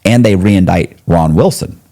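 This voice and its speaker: Deep, mellow-voiced man telling a story. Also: measured pace. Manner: rambling, profane, slangy, many restarts. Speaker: interview guest. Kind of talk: casual storytelling interview.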